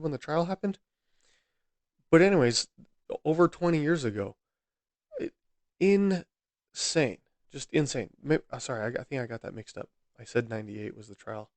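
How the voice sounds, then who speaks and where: A man's voice: mid-range voice, no echo. Male solo podcast host, mid-range voice, exasperated and rambling, dry close-mic sound. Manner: exasperated, repeatedly outraged, rambling with restarts. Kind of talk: solo true-crime podcast narration.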